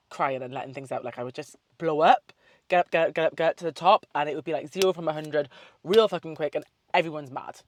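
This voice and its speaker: A woman's voice: sits low, no room sound. A young woman talks straight to camera in a loose, chatty vlog style. She swears freely and drifts into tangents. The sound is dry and close. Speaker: vlogger. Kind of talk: casual chat.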